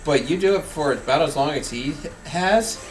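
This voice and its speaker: Far from the mic, with faint game music playing, a man hosts casual gameplay commentary for his gaming channel, ranting emphatically and joking around. His voice is fairly high, animated, and at normal speed.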